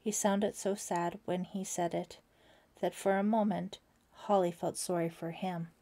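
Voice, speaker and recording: Mellow-voiced woman narrating a book. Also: fairly low pitch, fairly even intonation, measured pace. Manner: voices characters, drops to a whisper for tense moments. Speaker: audiobook narrator. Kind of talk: scripted narration.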